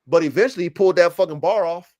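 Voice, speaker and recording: Profane, animated man telling stories. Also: sits high, racing. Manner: profane, rambling, animated storytelling. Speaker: podcast host. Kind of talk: casual storytelling on a livestream podcast.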